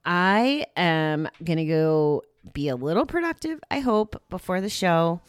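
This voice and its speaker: Low-voiced lady podcaster, sleepy and rambly, chatting live, dead dry sound. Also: sing-song, takes it slowly, clear, resonant tone, no room sound. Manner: rambling, apologetic, yawning, chatty asides. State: tired. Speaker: podcast host. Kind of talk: casual live chat to listeners.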